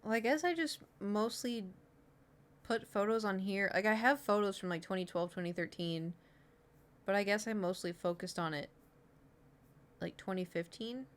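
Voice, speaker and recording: A woman's voice: medium pitch, moderate pace, long pauses. A woman in her thirties from Oklahoma, streaming as she reads her old diary entries aloud in a giggly, self-mocking way. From Oklahoma, USA. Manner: giggly, self-mocking, chatty with many fillers.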